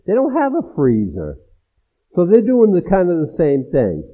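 A man preaching an expository sermon as pastor, animated and acting out the people in the text. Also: high voice, moderate pace. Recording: tinny phone-like sound.

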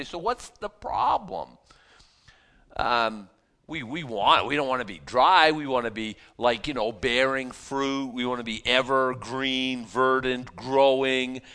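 Male Bible teacher, sermon, animated and chatty, lively rising and falling pitch, mid voice. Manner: animated, conversational, repeats words as he talks.

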